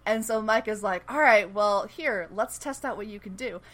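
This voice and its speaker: A woman co-hosting a casual chat, recapping a TV show, animated and swearing freely as she acts out the characters' lines. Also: mid-range voice, normal speed. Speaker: podcast co-host.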